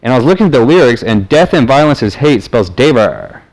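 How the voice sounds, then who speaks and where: A man's voice: medium pitch, very animated, fairly quick, a little mellow, low-quality recording. A man from the American South talking to camera in a rambling, casual monologue full of fillers and restarts. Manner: meandering, many fillers and restarts. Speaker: vlogger.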